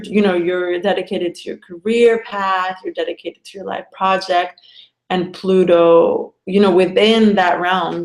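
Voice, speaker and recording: Chatty woman astrologer, low voice. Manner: chatty, frequent fillers like "you know" and "like". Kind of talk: casual live-stream explanation.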